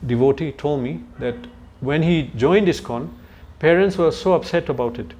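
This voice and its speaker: Speaking at a moderate pace, a man with a slightly high, darkish voice delivers a storytelling scripture lecture to young people, turning to them with asides and stumbling for words mid-sentence. The recording's highs are cut off.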